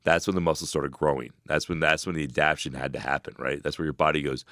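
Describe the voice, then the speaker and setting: A man with a very low, deep voice talks fast and rambles through casual advice. He co-hosts a podcast, breaks into loud laughs and restarts his sentences. The sound is dry and close. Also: steady tone, no room sound. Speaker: podcast co-host. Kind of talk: casual chat, fitness advice.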